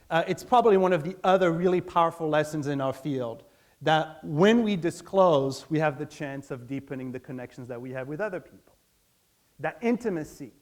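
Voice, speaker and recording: A man speaks from a stage with lively energy, often turning to the crowd with questions. His voice sits on the higher side for a man, and he slips into quick acted snippets of everyday conversation. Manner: animated, acts out everyday dialogue in quotes; asks the audience direct questions. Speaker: speaker giving a talk. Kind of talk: public talk on stage.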